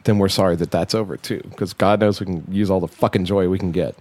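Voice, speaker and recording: A man's voice: low-pitched, steady tone, fast talker, a little mellow, no echo. A man hosting a casual podcast, rambling and restarting his sentences, cursing now and then. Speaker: podcast host.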